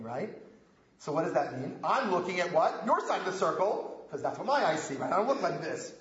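A man leading a relationship workshop, asking the group rhetorical questions in an animated way. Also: high voice, quick pace. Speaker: workshop leader. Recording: echoey room, dull lo-fi sound.

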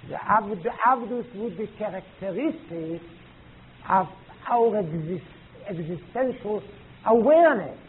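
A man teaching a class, halting and searching for words, with emphatic rising questions to students. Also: sits high, lively intonation. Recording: tinny lo-fi old tape recording with faint hiss.

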